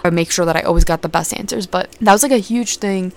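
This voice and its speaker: A woman's voice: fairly low pitch, quick pace. A young adult woman hosting a podcast in casual chat, rambling with lots of fillers and casual swearing. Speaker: podcast host.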